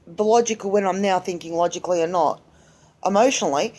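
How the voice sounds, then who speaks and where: A woman's voice: mid-range voice, expressive, a little fast, dark tone. A woman in her forties chats alone to her camera in a loose, rambling way. She often stops mid-thought, restarts, and speaks with plain candour and an easy lilt. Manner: rambling, self-interrupting, candid. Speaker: vlogger. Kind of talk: casual solo vlog chat.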